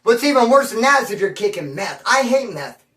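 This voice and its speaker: A man's voice: very high voice, big pitch swings, brisk, pushed and bright. Slangy guy rambling a story at home, roomy room, mic kinda far off. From Bakersfield area. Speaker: storyteller on his own channel. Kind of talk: casual storytelling.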